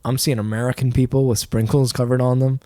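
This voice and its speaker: A man's voice: medium pitch, little pitch movement, quick pace, mellow, no echo, studio quality. A young man co-hosting a podcast, laid-back and laughing often, tripping over his words as he chats. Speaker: podcast co-host. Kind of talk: casual chat.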